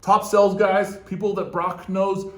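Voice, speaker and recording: A man's voice: high-pitched, unhurried, echoey room. A man telling a business story with emphasis, acting out the dialogue and stopping often to check in with "okay?". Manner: animated, emphatic, acts out dialogue, frequent "okay?". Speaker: guest entrepreneur.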